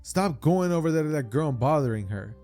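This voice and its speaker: A man's voice: a little high, expressive, brisk, a little mellow, faint music behind. A man doing an indignant, preachy schoolboy. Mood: scolding. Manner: indignant, lecturing. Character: stiff, self-righteous young male student.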